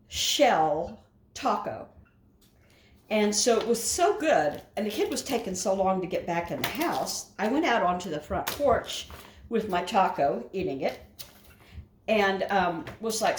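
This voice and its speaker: In her home kitchen, a woman vlogger cooks and chats casually, rambling through a story and looping back with "anyway" again and again. Her mid-range voice sounds roomy, with a little hiss or hum on the recording.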